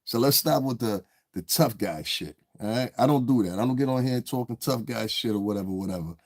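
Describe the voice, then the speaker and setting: A man's voice: medium pitch, a little fast, dry recording, clean studio sound. A man hosting a casual livestream, reading his chat aloud and ranting back at the trolls in a confrontational, profane, rambling way. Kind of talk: casual live-stream rant.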